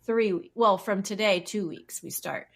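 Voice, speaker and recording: A woman's voice: mid-range voice, a little slow. A young adult woman co-hosting a podcast, chatting casually with a rambling, giggly way of talking. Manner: rambling, many fillers, giggly. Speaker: podcast co-host. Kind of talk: casual chat.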